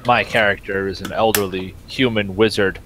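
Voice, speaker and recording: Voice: deep voice, fairly even intonation, normal speed, fairly bright tone, a little hiss or hum. A player in a tabletop game chatting casually about the group's plans. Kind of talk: casual chat.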